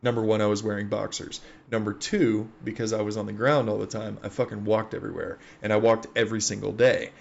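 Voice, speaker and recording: A man in his thirties, an army veteran, telling a war story in a profane, laughing, animated way. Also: fairly low pitch, fast, vocal fry, few pauses, muffled recording. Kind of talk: casual storytelling on a live stream.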